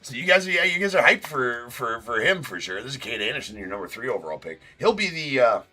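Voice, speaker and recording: A man's voice: medium pitch, very animated, fast, sharp tone, soft background music. A man hosting a live-stream card break, talking loosely and casually, swearing and then jokingly apologizing. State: sore tooth.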